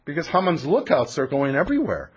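A man teaching a text study, telling the story in a lively way and reading sources aloud. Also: a little high, fast, breathy edge. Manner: animated storytelling, acts out voices, reads sources aloud.

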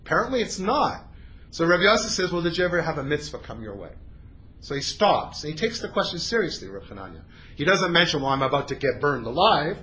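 A man giving a sermon, telling a story in an animated way, getting loud on his emphasis and dropping low when he quotes people. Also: fast, poor audio.

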